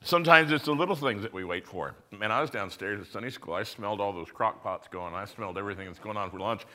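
A male pastor telling a personal story in a sermon, conversational, moving between loud emphasis and hushed moments. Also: on the low side, fast talker.

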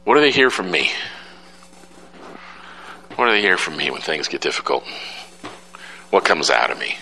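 A man's voice: sits low, very animated, moderate pace, bright, forceful tone, rough recording. A middle-aged man preaching an emphatic sermon as pastor, repeating key phrases for effect.

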